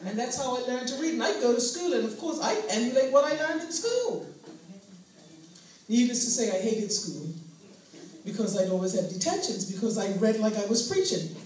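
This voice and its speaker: A woman with a somewhat high voice works through a stand-up comedy routine, telling her stories with animation and laughing along with her own jokes. The recording comes from a distant mic in a strongly echoing room, with a faint hiss underneath. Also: very animated, moderate pace, darkish tone. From Bermuda. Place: live comedy venue.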